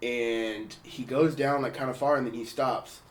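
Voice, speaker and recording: Young man, podcast host, casual storytelling, animated, profane, high-pitched quoted voices. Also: a little slow, roomy sound, far from the mic, a little hiss or hum. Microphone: portable recorder.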